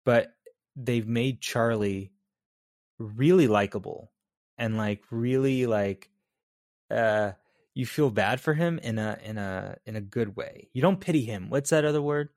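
A man's voice: mid-range voice, unhurried, a little mellow, no room sound, clean studio sound. A man co-hosting a casual movie review podcast, blunt, wry and opinionated. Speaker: podcast co-host.

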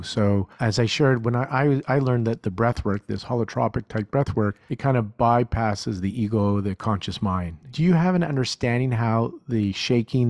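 A man's voice: medium pitch, a little mellow, no echo, clean studio sound. A man hosting a podcast, asking long, rambling questions with frequent restarts. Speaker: podcast host. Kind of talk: casual interview questions.

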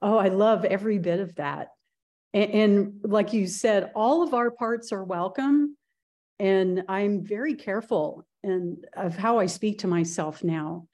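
A woman's voice: medium pitch, measured pace, a little mellow. A woman guest on a podcast, telling her personal story in a reflective way. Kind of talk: casual interview chat.

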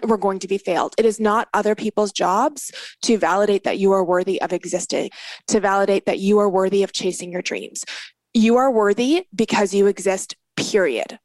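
A woman's voice: medium pitch, no room sound. A woman in her thirties giving a candid, earnest motivational talk as a business coach. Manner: candid and earnest, with bursts of laughter and animated quoted reactions.

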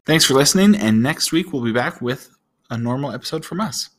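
A man's voice: mid-range voice, lively intonation, a little fast, fairly bright tone. A man co-hosting a family podcast in casual chat, upbeat and jokey. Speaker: podcast co-host.

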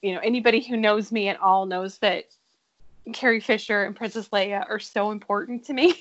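A woman's voice: mid-range voice, moderate pace, highs cut off. Chatty woman telling a fan story. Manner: animated, storytelling, with laughs. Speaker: podcast guest. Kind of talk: casual chat.

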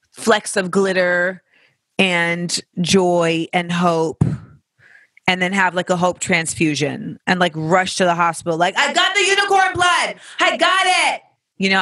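A podcast host giving casual advice in an animated way, with profanity and joking asides. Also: medium pitch, no room sound. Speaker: podcast host answering listener questions.

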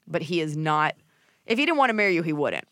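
A woman's voice: low-pitched, big pitch swings, quick pace, fairly bright tone, no echo, clean studio sound. A woman hosting a podcast in casual chat, blunt and opinionated, swearing freely and mimicking people in silly voices. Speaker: podcast host.

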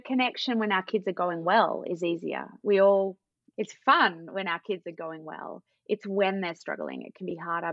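Australian woman, 30s, low voice, dry slightly muffled podcast audio; storyteller. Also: dry recording. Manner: warm anecdotal storytelling, acts out quoted dialogue. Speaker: parenting guest, parent educator. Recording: dull, slightly lo-fi dry sound.

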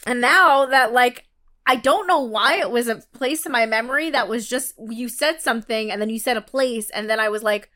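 A young woman telling a rambling, animated story in casual chat, full of fillers and acted-out quotes. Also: a little high, moderate pace.

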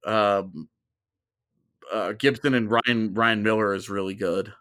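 A man's voice: on the low side, steady tone, fairly bright tone, no room sound, clean studio sound. Rambling male hockey podcast co-host. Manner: rambling, self-interrupting, quick laughs. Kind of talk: casual sports chat.

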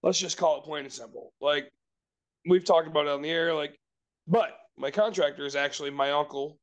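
A man with a high, light voice tells a story in loose, rambling fashion. He restarts sentences, swears casually and talks like he's among friends on a casual podcast. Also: brisk. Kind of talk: casual chat.

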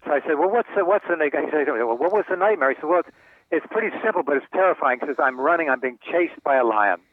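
A man's voice: a little high, fast, a little hiss or hum. An older man, an author being interviewed, telling stories and acting out the voices of the people in them. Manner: animated storyteller acting out quoted voices. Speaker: author and guest. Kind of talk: storytelling interview answers. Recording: tinny phone line, dry.

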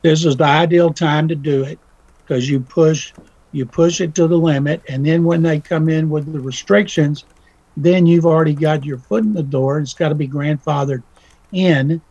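A man's voice: on the high side, steady tone, normal speed, a little mellow, no echo, muffled recording. A man talking casually as a guest commentator, folksy and telling stories with little acted-out voices. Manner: folksy, acts out quoted voices in his story. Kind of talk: casual radio talk.

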